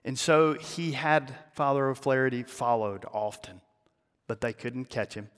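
A male pastor telling a story in a sermon, dramatic, with his voice dropping low and hushed at the emotional peaks. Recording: long hall reverb.

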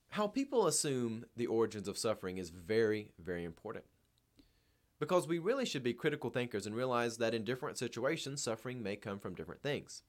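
Man, novel reading with commentary, earnest, emphatic, animated pitch. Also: quick pace. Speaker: reader and commentator.

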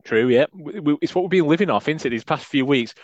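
A man's voice: on the high side, animated, fast, dry recording. A man co-hosting a football podcast, chatting casually with rambling, stammering restarts. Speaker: podcast co-host. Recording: dull, lo-fi dry sound.

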